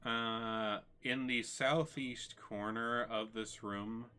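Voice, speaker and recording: A man narrating a tabletop game as game master, in a halting way with many ums and restarts. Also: mid-range voice, steady tone, pushed and bright, smooth.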